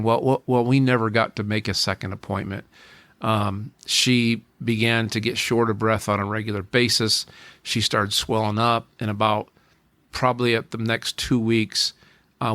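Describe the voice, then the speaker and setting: A man's voice: lowish voice, little pitch movement, normal speed, a bit bright, dry recording. A man in his forties, a podcast guest, telling a personal story in an earnest way, often repeating and restarting his phrases.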